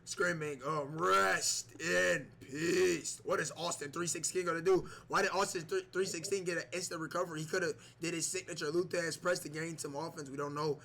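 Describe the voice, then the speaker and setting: Bright-voiced excitable wrestling commentator man. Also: on the high side, fast, few pauses. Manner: excited, repetitive, yells at big moves. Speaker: commentator of a wrestling video game. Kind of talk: play-by-play game commentary.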